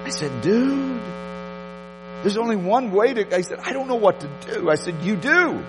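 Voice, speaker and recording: A male pastor preaches with a high, lively voice, repeating points for emphasis as he tells a story. His words ring out in a hall with long reverb. Faint music plays underneath. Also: moderate pace. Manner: animated storytelling, emphatic repetitions. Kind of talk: sermon.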